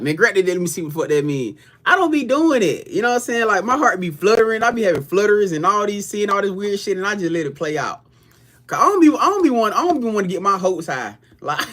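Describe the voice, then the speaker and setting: A man's voice: high voice, a bit bright. A man chats casually on a livestream tarot reading. He is loose and profane, cursing freely as he talks straight to his viewers.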